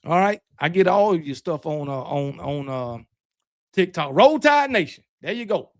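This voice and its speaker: A man with a Southern drawl talks in a fairly high voice, rambling and trash-talking at an easy, loose pace. It is casual livestream chat, recorded close on a dry mic with no room sound. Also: very animated, normal speed, no echo. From Alabama, US. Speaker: host of a fan livestream show. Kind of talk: casual livestream chat, reading super chats.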